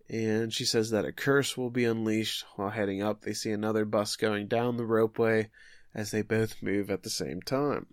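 A man's voice: mid-range voice, no room sound, clean studio sound. Chatty man, joking podcast co-host. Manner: joking, chatty, thinks aloud with many fillers. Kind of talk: casual chat recapping an anime episode.

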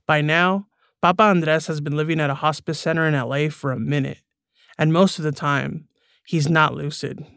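A man hosting a podcast, asking relaxed, curious questions and reading scripted narration. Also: on the high side, normal speed, vocal fry, smooth, no echo, studio quality. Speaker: podcast host. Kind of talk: casual interviewing and scripted narration.

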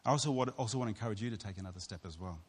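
A man's voice: on the low side, rapid-fire, husky. A man preaching a sermon as pastor, earnest and storytelling, acting out what other people said. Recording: long hall reverb.

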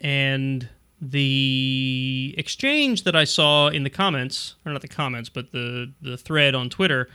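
Speaking slowly with lively intonation, this middle-aged tech podcast co-host has a clean, bright, pushed mid-range voice. His talk is casual and rambling, full of self-interruptions, restarted sentences and frequent chuckles.

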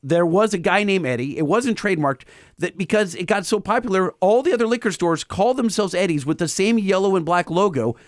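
A man co-hosting a casual podcast chat, telling stories quickly, in a studio. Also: high voice, animated, no echo. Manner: storytelling, fast, bouncy. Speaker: podcast co-host.

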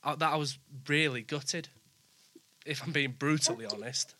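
A man hosting an interview, talking in a mixed Yorkshire and Brummie accent, halting and effusive. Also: on the high side, sharp tone. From England. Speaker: host. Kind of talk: casual interview chat.

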